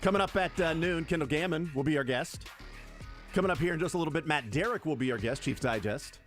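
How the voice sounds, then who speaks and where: A man co-hosting sports radio, teasing his co-host in a dry, deadpan way during casual studio banter. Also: fairly high pitch, fast, faint music behind. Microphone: close studio microphone.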